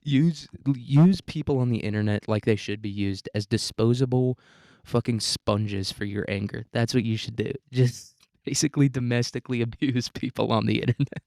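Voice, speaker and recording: A man's voice: medium pitch, moderate pace, gravelly, a little mellow, no room sound, studio quality. A man hosting a solo podcast, talking casually in a rambling, profane, self-mocking way and laughing often. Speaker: podcast host.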